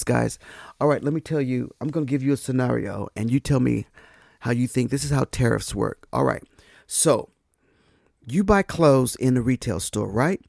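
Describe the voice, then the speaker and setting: A man hosts a podcast in a gravelly, mellow voice, talking casually to his listeners and calling them guys. His delivery is dry and close, with no room sound around it. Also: medium pitch, animated, normal speed, no echo. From United States. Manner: conversational, addresses listeners as guys, asks rhetorical questions. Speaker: podcast host. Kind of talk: casual political commentary.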